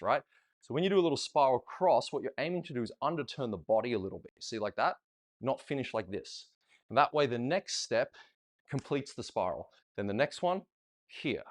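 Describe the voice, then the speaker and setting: A chatty middle-aged male dance coach talks through steps in a relaxed way. He counts rhythms out loud and sings the beats as he demonstrates. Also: mid-range voice. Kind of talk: casual online dance lesson.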